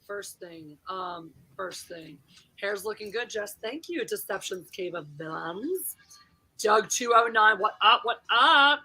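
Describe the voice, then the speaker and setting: A woman's voice: mid-range voice, expressive, takes it slowly, bright, forceful tone, slightly rough, rough recording. A woman hosting a casual livestream, chatting to viewers, greeting them by name and dropping into whispered asides. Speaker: livestream host.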